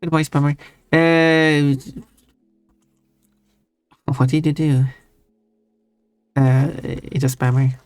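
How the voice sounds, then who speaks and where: A man's voice: a little high, steady tone, drawn-out words, long pauses, clean tone, dry recording. A man chatting casually on a stream while reading chat, rambling and often restarting his words. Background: soft chill music.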